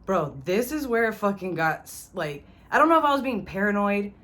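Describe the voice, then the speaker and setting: A woman's voice: medium pitch, big pitch swings, fairly quick, a bit bright. A young woman vlogger telling a personal story in a casual, slangy way, cursing freely and addressing the viewer directly. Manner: slangy, profane, talks straight to the viewer.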